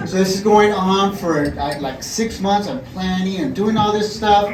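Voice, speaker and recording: A man's voice: sits high, normal speed, few pauses, a crowd in the background. A man giving a roast speech at a party, telling a long comic story and often laughing as he acts out the people in it. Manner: laughing often while telling a long anecdote, acting out voices. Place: party room with a crowd. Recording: echoey party room, far from mic, loud noise.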